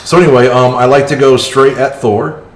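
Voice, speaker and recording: A man streams a mobile strategy game at normal speed, his medium-pitched voice fairly even in intonation, with a roomy echo on the recording. Chatty with his viewers, he talks through each move live and reacts aloud to the match.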